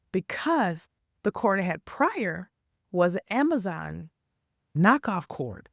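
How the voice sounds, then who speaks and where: A woman in her sixties telling a personal story to camera in a casual, chatty way, with exasperated asides that jump up in pitch for emphasis. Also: very animated, slow pace, gravelly, no echo, clean studio sound. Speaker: faith vlogger.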